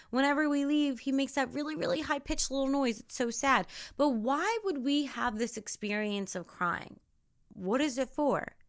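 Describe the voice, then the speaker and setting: A young woman hosting a solo spiritual self-help podcast, animated and swearing freely. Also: mid-range voice. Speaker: podcast host.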